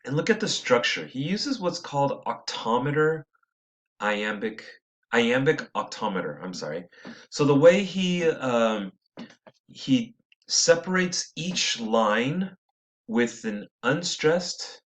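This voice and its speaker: A man teaching a poetry lesson, reading lines slowly with stressed syllables and thinking aloud with small self-corrections. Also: on the high side, sing-song.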